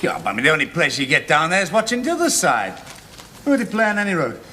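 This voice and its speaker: A man's voice: a little high, big pitch swings, very noisy. An actor playing a cocky young man with a Liverpool accent, arguing and mocking in a 1970s studio sitcom with audience laughter. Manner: mocking, argumentative, quick comebacks. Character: cocky young Liverpudlian son-in-law, quick to argue.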